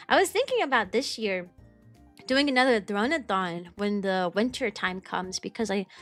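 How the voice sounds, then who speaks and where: A young woman with a fairly high voice chats with her viewers, rambling and restarting her sentences as she goes. She is a streamer and a kindergarten teacher from the United States, and faint music plays under her talk. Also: fairly bright tone. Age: young adult. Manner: chatty, rambling with restarts and fillers. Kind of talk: casual chat answering viewers.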